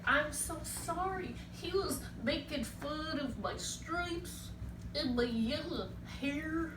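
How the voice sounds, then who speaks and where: A woman voicing a sad, lanky young male bird puppet who talks in a soft, whiny, mopey way. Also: sits high, animated, slow, background noise. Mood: hurt. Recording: echoey room, mic at a distance.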